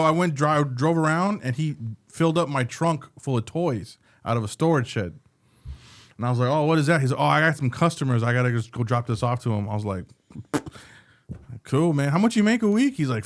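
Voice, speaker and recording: A man spins a story on a casual podcast. He acts out each person he quotes by jumping his pitch up, and he swears freely. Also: very animated, a little fast. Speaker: podcast co-host.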